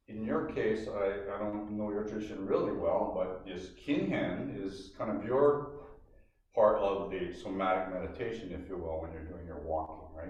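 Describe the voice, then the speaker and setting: A man's voice: sits low, darkish tone. An older man leading a meditation and self-massage class, talking loosely and checking in with "okay?" as he goes. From Hawaii. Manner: loose, rambling, full of "you know" and "okay?". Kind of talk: guided instruction class. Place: meditation hall. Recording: distant mic, very roomy, dull lo-fi.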